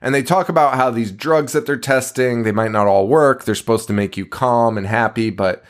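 A man's voice: medium pitch, normal speed. A man co-hosting a podcast, recapping a horror movie in casual chat, swearing often, laughing and acting out the characters' lines. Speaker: podcast co-host.

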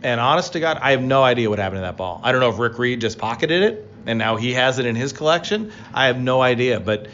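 A man co-hosting a casual baseball talk show, telling player stories with lively excitement. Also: fast talker, few pauses, highs cut off. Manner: storytelling, animated, rising pitch when excited. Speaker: baseball podcast co-host, former player. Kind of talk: casual sports chat.

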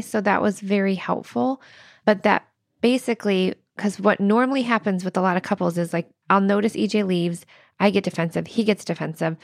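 A woman's voice: mid-range voice, creaky, no room sound, clean studio sound. A woman co-hosting a podcast, explaining things earnestly and laughing easily. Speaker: podcast co-host. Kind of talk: casual podcast chat.

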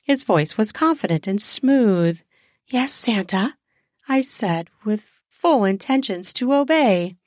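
Woman, host, slow story narration, deliberate reading, close mic, dry sound. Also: medium pitch, lively intonation, a little mellow, no echo.

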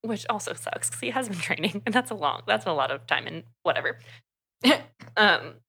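A young woman co-hosting a podcast, casually retelling a book's plot in an animated way, full of "like". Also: medium pitch, normal speed, gravelly, husky. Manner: chatty, animated retelling with lots of "like". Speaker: podcast co-host. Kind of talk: casual book review chat.

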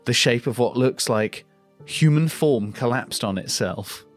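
A man's voice: medium pitch, unhurried, soft background music. A man co-hosting a comedy podcast, reading an AI-written script aloud and tripping over its awkward phrasing. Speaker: podcast co-host.

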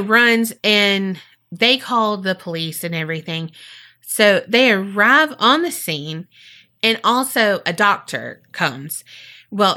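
A woman's voice: medium pitch, bright, forceful tone. A woman co-hosting a podcast, casually retelling a true-crime case with profanity and playful acted-out quotes. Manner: chatty and profane, acts out quotes in funny voices. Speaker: podcast co-host.

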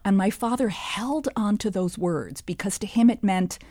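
A woman in her sixties, an author and historian, telling her story in a measured, reflective way during an interview. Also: mid-range voice, warm tone, no room sound. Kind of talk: interview conversation, reading from her childhood diary.

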